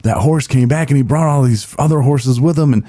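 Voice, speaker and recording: A man voicing a panicky young farmer's son who blurts out his alarm and excitement. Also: lowish voice, brisk, vocal fry, dry recording, studio quality. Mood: thrilled.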